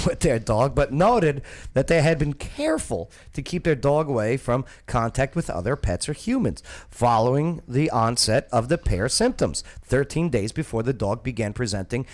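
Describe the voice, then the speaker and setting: Hosting a casual comedy talk show, a man reads news articles aloud, breaking off for jokes and laughter. His mid-range voice is very animated and somewhat dark in tone, moving at a normal speed.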